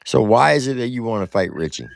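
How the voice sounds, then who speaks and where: A man's voice: mid-range voice, very animated, quick pace, gravelly, no room sound, studio quality. A man hosting a casual talk show, speaking in an easygoing, conversational way as he brings a caller on. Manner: laid-back, conversational. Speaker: show host.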